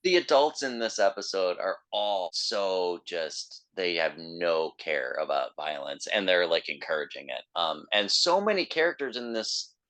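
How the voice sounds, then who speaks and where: A man's voice: deep voice, big pitch swings, measured pace, few pauses, fairly bright tone, no echo, poor audio. A man hosting a podcast in casual chat, talking with enthusiasm and plenty of fillers. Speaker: podcast host.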